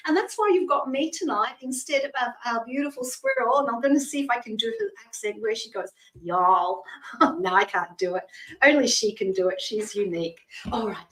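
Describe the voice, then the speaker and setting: A woman doing live tarot readings as a stand-in host, talking in a gentle, chatty and reassuring way. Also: on the high side, reverberant, distant mic, poor audio. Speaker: psychic reader, stand-in host.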